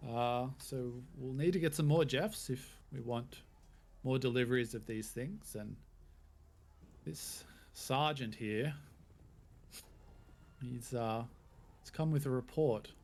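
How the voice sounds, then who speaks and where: A man's voice: medium pitch, takes it slowly, long pauses, a little mellow. A man voicing a nervous bodyguard in a tabletop game who reports to his captain with hesitant fillers. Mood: dutiful. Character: nervous human male bodyguard giving a report.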